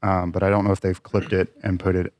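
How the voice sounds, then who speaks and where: A man's voice: deep voice, level tone, fairly quick, darkish tone, dry recording. A man co-hosting a podcast, speaking thoughtfully in a casual chat with frequent ums and uhs. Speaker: podcast co-host.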